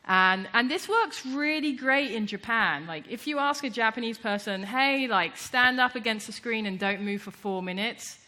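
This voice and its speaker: A woman's voice: a little high, animated, moderate pace, hardly any pauses, pushed and bright. A woman artist giving a casual conference talk, chatty and full of fillers and restarts, acting out what people said. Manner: chatty, many fillers and restarts, acts out quotes. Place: conference stage before an audience.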